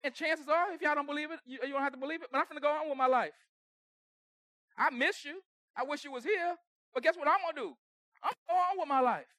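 High-voiced pastor preaching with loud bursts. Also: male voice, fast, dry recording, studio quality. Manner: conversational preaching with sudden loud bursts and dropped asides. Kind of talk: sermon. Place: church sanctuary.

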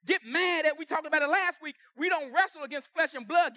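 High-voiced pastor preaching with loud bursts. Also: male voice, fairly quick, hardly any pauses, no room sound, clean studio sound. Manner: conversational preaching with sudden loud bursts and dropped asides. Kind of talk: sermon. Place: church sanctuary.

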